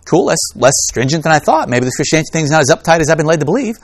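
A man's voice: a little high, big pitch swings, rapid-fire, no echo. A man voicing an imagined first-century woman who is relieved at what she hears read aloud, in a casual, bemused tone. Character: incredulous first-century woman hearing the letter.

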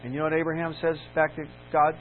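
A man's voice: a little high, completely flat delivery, fast talker. A man preaching a sermon as a campus minister, candid and storytelling, building to emphatic peaks. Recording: tinny lo-fi sound with faint mains hum.

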